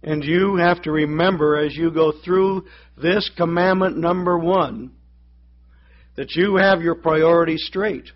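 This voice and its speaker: Male pastor, storytelling sermon delivery, slightly high voice, lo-fi recording. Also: measured pace. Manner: storytelling, acts out voices in the joke. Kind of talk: sermon with a joke.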